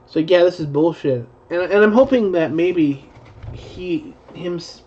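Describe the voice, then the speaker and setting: A man's voice: high-pitched, a little slow, darkish tone, slightly rough. A young man rambling in a profane live-stream commentary, full of restarts. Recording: dull lo-fi stream audio.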